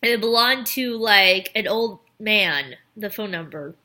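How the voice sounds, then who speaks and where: A woman's voice: mid-range voice, expressive, measured pace, sharp tone. A young woman vlogging, telling a story in a chatty, rambling way full of filler words. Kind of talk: casual storytelling to camera.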